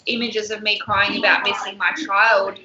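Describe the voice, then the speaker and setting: A woman's voice: mid-range voice, flat delivery, normal speed, echoey room, highs cut off, a crowd in the background. A woman, a reality TV contestant, chatting casually in a panel and laughing often.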